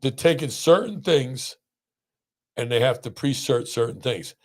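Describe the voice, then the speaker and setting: A middle-aged pain doctor hosts a podcast, telling stories in casual chat. He speaks unhurriedly at a medium pitch and gets animated, acting out the voices of people he quotes.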